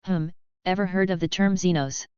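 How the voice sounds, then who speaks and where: A woman's voice: lowish voice, fairly even intonation, normal speed, darkish tone, clear, resonant tone, no room sound, dull audio, lightly acted. A woman voicing a confident young man who leads his group, speaking bluntly and in a businesslike way.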